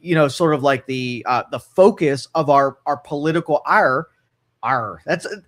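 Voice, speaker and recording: A man's voice: a little high, moderate pace, fairly bright tone. A man co-hosting a radio talk show, opinionated and rambling, with frequent restarts and an Ohio accent. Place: radio studio.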